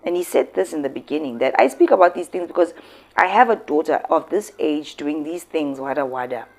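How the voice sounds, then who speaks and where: This commentary host is a South African woman whose voice sits low and moves briskly. Her casual commentary is emphatic and expressive, with switches into local words.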